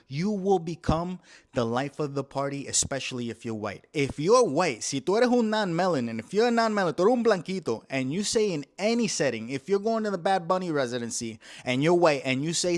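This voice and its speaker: A man from Puerto Rico with a Puerto Rican accent, hosting a profane, animated comedy monologue that switches between English and Spanish. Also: on the high side, a little fast. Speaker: comedy show host.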